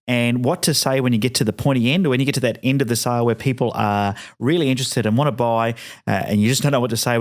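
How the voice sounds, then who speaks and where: A man hosting a solo podcast, explaining sales tips conversationally with fillers and acted-out phone lines. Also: medium pitch. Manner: brisk, conversational teaching with frequent fillers; acts out sales phone lines in quoted dialogue.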